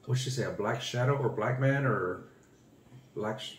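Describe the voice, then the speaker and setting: A man's voice: medium pitch, normal speed, a little hiss or hum. Man rambling through a story, echoey room. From Texas. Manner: relaxed, rambling, short agreeing replies. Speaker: co-host of family channel. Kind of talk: casual storytelling chat.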